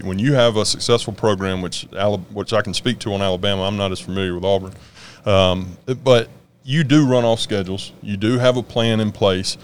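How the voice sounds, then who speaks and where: A man, a former college football player, talking casually as a guest, halting with frequent restarts. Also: fairly low pitch, a little hiss or hum. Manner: halting, laughing, many restarts. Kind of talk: casual sports talk.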